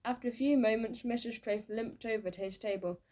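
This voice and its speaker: A woman reads a children's audiobook with lively, playful storytelling. Her voice sits a little high. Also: brisk. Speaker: audiobook narrator.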